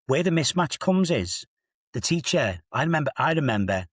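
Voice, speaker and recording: A man's voice: on the high side, very animated, moderate pace, breathy edge, no echo, clean studio sound. A man in his fifties with a Liverpool accent, an assistant head teacher telling stories with emphatic, rhetorical asides in a podcast discussion. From England.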